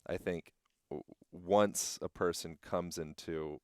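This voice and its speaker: Man, podcast host, deep, smooth, casual musing, dry close sound. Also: fairly even intonation, slow pace, no echo. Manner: musing, rambling, uses fillers like "like". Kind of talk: casual reflective conversation. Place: outdoors.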